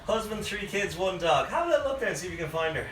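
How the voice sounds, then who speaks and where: A man, out of breath, leading a live workout with energetic cues and chatty asides. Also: sits high, fast, slight background noise. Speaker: fitness coach. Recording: echoey room, mic at a distance, faint music.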